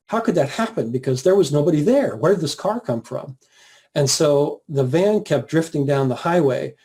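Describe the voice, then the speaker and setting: A man guest earnestly recounting a personal story in a plain, steady way, with the odd filler. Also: mid-range voice. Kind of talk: personal testimony, casual storytelling.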